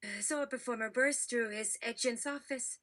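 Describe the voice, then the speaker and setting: A woman reading jokes aloud in a brisk, matter-of-fact narrating manner. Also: on the high side, pushed and bright. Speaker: joke reader.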